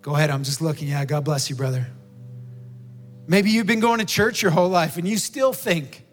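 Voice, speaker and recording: A man's voice: fairly high pitch, normal speed, long reverb tail, faint music behind. A man preaching a sermon, earnestly urging the congregation and leading a prayer in a church. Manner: earnest, urging, repeats short pleas. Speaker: pastor. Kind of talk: sermon with altar call and prayer. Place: church sanctuary with balcony.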